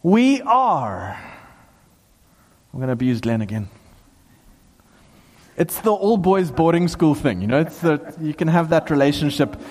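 A man preaching a sermon to a small gathering, talking with lively excitement and bursts of emphasis. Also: fairly high pitch, normal speed, pauses often. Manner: animated, bursts into excited shouts and laughs. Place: small hall with a few people. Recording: long hall reverb.

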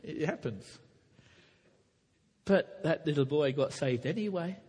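A man preaching in a large church hall, his slightly raised voice husky and edged with breath. He speaks earnestly, restarts phrases, and climbs to emphatic peaks. A long reverb trails each line. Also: fairly high pitch, expressive, measured pace, a little mellow. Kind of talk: sermon to preachers.

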